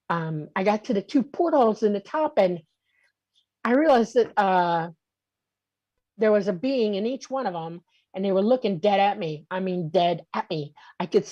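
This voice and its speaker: Animated older woman telling her story. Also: medium pitch, no echo, dull audio. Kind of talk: casual storytelling interview.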